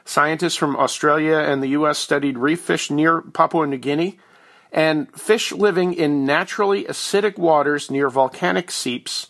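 A man's voice: fairly high pitch, fairly bright tone. A man who is a regular guest commentator on a radio show, explaining news items over a phone line in a folksy, joking way. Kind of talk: conversational explainer.

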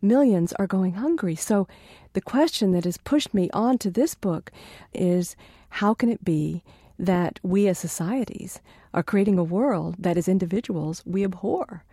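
A woman's voice: mid-range voice, animated, unhurried, warm tone, breathy edge, no room sound, studio quality. A woman author answering interview questions in an earnest, reflective way. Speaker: author guest.

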